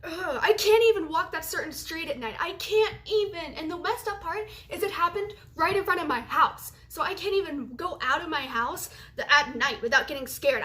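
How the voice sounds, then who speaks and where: A woman's voice: high-pitched, bright, forceful tone. A young woman telling a heated storytime vlog, swearing as she retells a fight. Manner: heated, swearing, retells quotes in others' voices.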